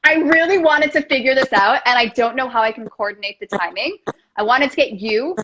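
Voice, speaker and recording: A woman hosting a casual chat, talking in a playful, quick way with lots of asides. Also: fairly high pitch, a bit bright, a little hiss or hum, poor audio. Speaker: host.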